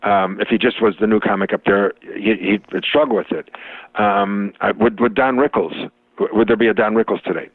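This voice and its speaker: Older Chicago man, low, tinny line. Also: moderate pace, vocal fry, no room sound. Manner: rambling, restarts often, storytelling jokes. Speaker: guest, comic and professor. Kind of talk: interview conversation.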